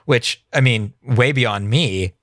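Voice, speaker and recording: A man's voice: mid-range voice, slow pace, a bit bright, no room sound, clean studio sound. A man hosting a podcast, recapping an old TV episode in a jokey, rambling casual chat. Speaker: podcast host.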